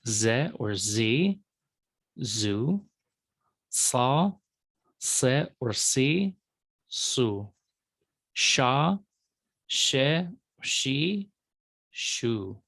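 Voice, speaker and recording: With a medium-pitched, fairly bright voice and no room sound, a male professor lectures on a recording. He sounds out syllables one at a time and explains them to students, adding fillers and asides to the student.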